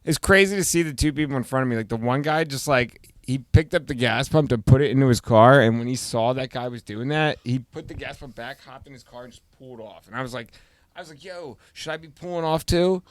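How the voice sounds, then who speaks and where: A man hosting a podcast, casually telling a story and acting out the voices with loud exclamations. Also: mid-range voice, quick pace, dry recording. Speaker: podcast host.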